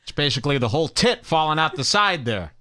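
Male podcast host, crude mocking banter, bright voice, swings his pitch a lot. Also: big pitch swings, quick pace. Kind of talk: riffing commentary on played clips.

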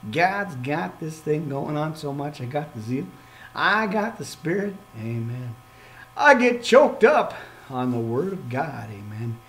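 Excitable preaching man, slightly high voice. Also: unhurried. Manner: excitable, talks to himself, playful asides; preacherly amens and exhortations. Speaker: minister and podcast host. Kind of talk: live ministry podcast sign-off.

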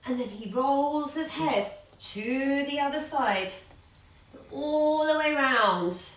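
A woman's voice: high voice, takes it slowly, fairly bright tone, recorded from a distance. A woman teaching a children's yoga class, telling a story as she guides the poses, playful and sing-song with animal sounds. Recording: echoey room, voice a little off-mic.

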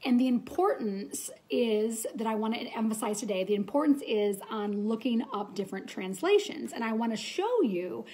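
A woman's voice: a little high, lively intonation, normal speed, hardly any pauses, mellow. Earnest woman giving a chatty Bible tip. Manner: earnest, chatty, with frequent restarts and reading aloud. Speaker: Bible study teacher. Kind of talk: casual devotional teaching.

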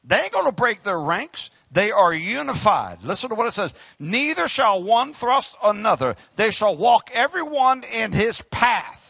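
Preacher guy, high-pitched and all over the place, cracking jokes then hollering. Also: moderate pace, gravelly, hardly any pauses, breathy edge, no room sound. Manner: animated preaching, joking asides, shouted exhortations. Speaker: pastor. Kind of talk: fiery sermon.

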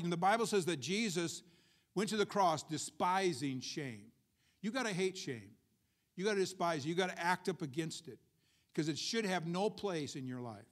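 A male pastor giving a conversational sermon at a church service, asking the congregation questions and tossing in joking asides. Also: high-pitched.

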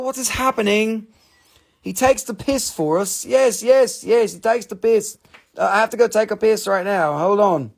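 A man's voice: sits high, gravelly. A man hosting a live stream selling stones, joking and teasing his viewers as he calls out prices, with slightly broken phrasing. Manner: joking, teasing banter while calling prices. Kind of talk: live sales stream chat.

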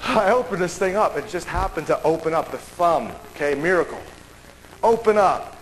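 A man telling a story to an audience, acting out the dialogue with raised voices and dropping to a hush. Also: expressive, brisk, background noise. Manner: acts out dialogue with raised pitch, drops to a hush. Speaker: speaker at a seminar. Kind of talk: animated storytelling talk.

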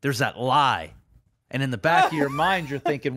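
A man's voice: mid-range voice, expressive, normal speed, fairly bright tone, a little hiss or hum. A man hosting a podcast, telling a long comic analogy in casual chat, rambling and full of restarts. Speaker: podcast host. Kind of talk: comedic storytelling in casual chat.

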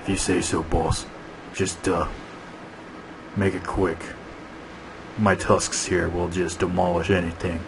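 A man voicing a huge tusked male beast, a grumpy, menacing bully who mutters low threats. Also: flat delivery, slow, vocal fry, long pauses, noisy background, full character voice. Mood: grumbling menace.

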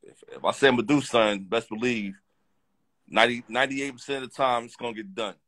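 A man's voice: medium pitch, fast, fairly bright tone. A man as a guest in a casual chat, reminiscing in a laid-back, slangy way.

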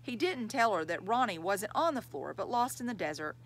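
Woman reader, children's novel, lively pitch, expressive. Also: a little fast, poor audio. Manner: expressive storytelling. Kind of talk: reading a children's novel aloud.

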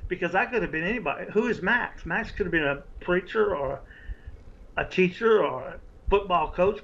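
Earnest storytelling man, slightly high voice. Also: vocal fry, dull audio. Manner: animated, earnest storytelling with restarts. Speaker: author guest. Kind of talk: conversational interview storytelling.

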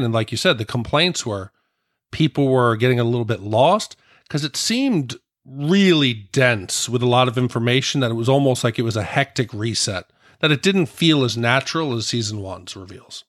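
A man co-hosting a podcast, chatting in a relaxed, rambling way. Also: medium pitch, moderate pace, no room sound, studio quality. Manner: relaxed, rambling talk with fillers. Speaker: podcast co-host. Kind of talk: casual podcast discussion.

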